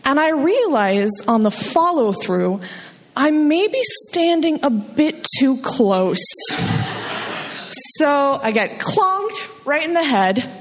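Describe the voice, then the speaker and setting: A woman from New Jersey telling a funny personal story on stage at a live storytelling show, poking fun at herself and jumping up in pitch for quoted voices. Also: very animated, slow. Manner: self-deprecating, jumps high for quoted voices. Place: stage in a hall. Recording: long hall reverb.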